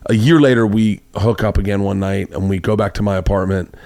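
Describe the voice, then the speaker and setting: A man's voice: on the low side, fairly even intonation, brisk, vocal fry, a little mellow, dry recording. A man hosting a podcast, telling a long rambling anecdote in casual chat and acting out the quotes in a raised voice. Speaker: podcast host. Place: home studio room.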